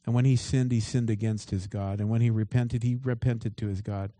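A man's voice: lowish voice, steady tone, a little fast, mellow, no echo. A man preaching a sermon as pastor. He reads scripture aloud and breaks off into emphatic asides.

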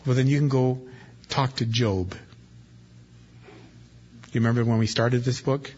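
Husky folksy pastor preaching. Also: male voice, medium pitch, steady tone, measured pace, a little mellow. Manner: folksy country-preacher style, reads scripture then explains it. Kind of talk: expository sermon. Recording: dull lo-fi recording.

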